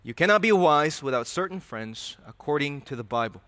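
Bright-voiced man preaching a sermon. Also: on the high side, animated, fairly quick, dry recording. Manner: reads scripture aloud, then explains it animatedly. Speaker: pastor.

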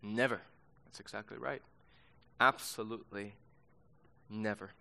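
A man's voice: fairly low pitch, fairly even intonation, measured pace, creaky, sharp tone. A man teaching a sermon-style Bible lesson to young people, emphatic and insistent, repeating key words for force.

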